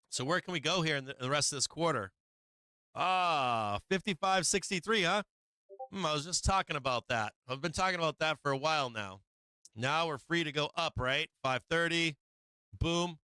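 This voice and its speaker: Hyped-up guy on a trading stream, cussing a lot, bright crisp voice, close dry mic. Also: fairly high pitch, dry recording, rough recording. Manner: profane, excitable, laughs often, repeats himself. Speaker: market livestream host. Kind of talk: live market commentary.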